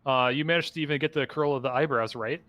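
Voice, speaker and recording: A man's voice: medium pitch, no room sound, highs cut off. A man running a tabletop game as dungeon master over a video call, rambling and often restarting his sentences. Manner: rambling, halting, many restarts.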